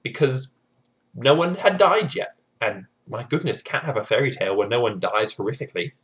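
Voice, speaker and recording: A man's voice: mid-range voice, animated, moderate pace, distant mic. A man retelling a fairy tale for comedy, full of wry, sarcastic asides. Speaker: storyteller. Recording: dull lo-fi recording.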